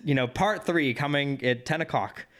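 A theatrical cartoon promo announcer with an old-fashioned delivery. A man hams it up, pitched a little higher and pushed louder than his normal talk. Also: moderate pace, natural voice. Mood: dramatic.

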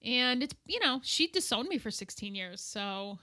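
A middle-aged woman tells a candid personal story as an interview guest. Her voice is bright and sits a little high. She is animated and acts out the people she quotes. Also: moderate pace.

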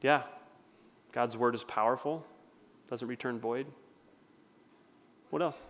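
A man's voice: medium pitch, slow pace, a bit bright. Conversational man preaching in a reverberant hall. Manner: conversational, asks the audience questions. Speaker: pastor. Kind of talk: interactive sermon.

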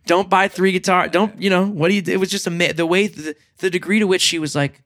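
A man with a slightly raised pitch tells a story in a loose, casual conversation. He acts out both sides of the exchange and laughs often as he goes. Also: fairly even intonation, fast, a bit bright. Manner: laughs often while telling. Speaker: touring musician.

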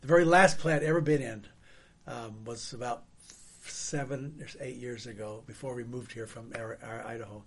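A man hosting a casual conversation, telling stories in a husky voice that trails off quietly at the ends of sentences. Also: mid-range voice, fairly even intonation, normal speed. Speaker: host.

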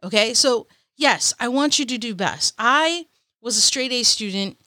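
A woman's voice: on the high side, expressive, unhurried, bright, forceful tone, no room sound, clean studio sound. Upbeat woman hosting a motivational podcast. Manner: upbeat, encouraging, chatty. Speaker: podcast host.

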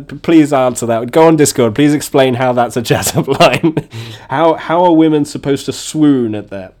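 A man's voice: mid-range voice, darkish tone. A man hosting a casual comedy chat, mocking lines and laughing often between them. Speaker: podcast host.

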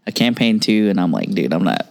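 A man's voice: low-pitched, big pitch swings, brisk, gravelly, darkish tone. A man hosting a casual podcast chat, enthusiastic and jokey, swearing often. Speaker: podcast host.

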